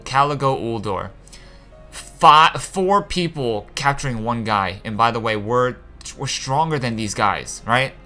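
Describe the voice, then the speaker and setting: A man's voice: mid-range voice, pushed and bright. A young man hosting a gaming channel, ranting casually about a game's story, frustrated and profane, with rambling asides. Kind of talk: casual rant about a game.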